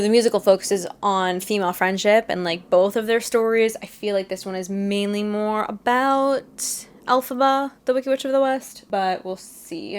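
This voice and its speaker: A young woman chatting casually about her reading plans at home in her apartment, filling her talk with "like" and poking fun at herself. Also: mid-range voice. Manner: chatty and self-deprecating, many "like" fillers. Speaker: book vlogger. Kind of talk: casual chat.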